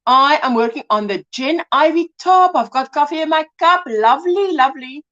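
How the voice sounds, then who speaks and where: A South African woman hosts a crochet livestream, with a high voice that swings up and down a lot. She reads out viewer comments and greets people by name, calling them sweetheart and tagging sentences with "hey?". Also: expressive, moderate pace, few pauses, fairly bright tone, muffled recording. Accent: South African English. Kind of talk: casual live chat reading comments.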